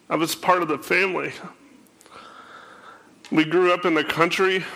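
A man shares a personal testimony with an audience. His voice is bright and a little gravelly, pitched fairly high for a man, and tearful at times. He stumbles and repeats words as the feeling gets to him. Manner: emotional, repeats words when moved. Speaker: speaker sharing his testimony.

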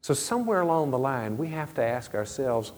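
A middle-aged man preaches a sermon in an earnest, conversational way and slips into homely storytelling asides. His voice sits at an ordinary pitch for a man. It carries a long reverb that rings through a large hall. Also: big pitch swings, a little fast, darkish tone. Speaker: pastor.

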